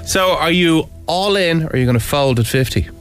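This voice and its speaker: A man co-hosting a radio quiz, his voice sitting well above most men's. He reads the rules briskly and plainly. Faint music plays under the studio talk. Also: fairly high pitch, lively intonation. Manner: brisk, matter-of-fact game rules. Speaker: radio co-host running a quiz.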